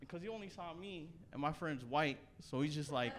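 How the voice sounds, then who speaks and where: A young Canadian man performing a stand-up set, telling a loose, profane story with animated bursts. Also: a little high, normal speed. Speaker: stand-up comedian. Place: comedy stage before a live audience.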